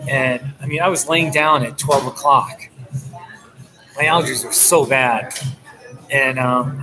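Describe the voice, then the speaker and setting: Holding up his laptop to record, this New Jersey–New York vlogger rambles through a casual coffee-shop live stream, chatty and quick to laugh. His voice sits a little high, and the sound is poor.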